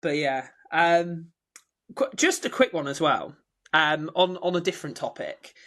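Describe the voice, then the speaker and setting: Young male co-host, slightly high voice, chatty storyteller who mimics the people he quotes. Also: big pitch swings, a little slow, fairly bright tone. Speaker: podcast co-host. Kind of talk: casual chat.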